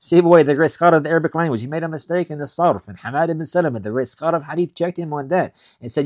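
A male teacher talks quickly in a slightly high voice, giving a lesson. He reads Arabic passages at speed, then explains them in English, repeating key points emphatically. The recording is dry and close, with no room echo. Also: darkish tone. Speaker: Islamic studies teacher.

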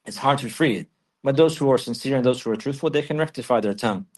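A man teaching a religious lesson in a mid-range voice, measured and explanatory. He often says a key phrase twice to drive it home. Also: mid-range voice, darkish tone. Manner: repeats key phrases for emphasis.

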